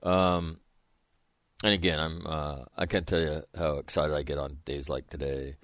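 A man's voice: very deep voice, flat delivery, moderate pace, fairly bright tone, dry recording, clean studio sound. A middle-aged man telling a casual story as a host, rambling with many fillers and restarts. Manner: rambling, lots of fillers and restarts, laughs at own stories. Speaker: podcast host.

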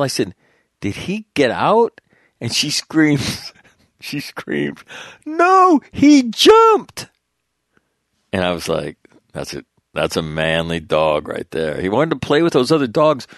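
A man's voice: on the low side, no echo, studio quality. A man hosting a talk show, reading headlines and drifting into loose, rambling stories with frequent laughs. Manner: rambling, animated storytelling with laughs. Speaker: show host. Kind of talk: casual talk show monologue.

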